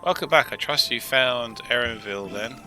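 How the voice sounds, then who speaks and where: A man voicing a reserved, formal companion character in a video game, with deliberate phrasing and game music behind. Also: mid-range voice, bright, forceful tone, poor audio. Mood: thoughtful.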